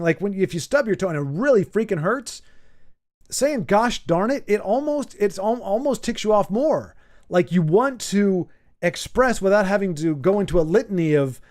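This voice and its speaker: Reading chat on a casual stream, a man from the United States rambles and thinks aloud, often repeating his words. He has a high, slightly mellow voice.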